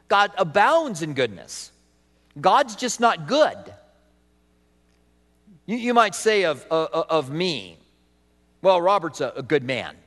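Male pastor, slightly higher voice, dynamic sermon delivery with hushed asides, long hall reverb. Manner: dynamic preaching, swings from loud emphasis to soft, hushed lines.

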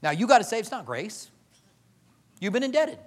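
A man preaching a sermon as pastor, animated, acting out quoted voices and swinging from loud to hushed. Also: sits high, normal speed, in a large hall.

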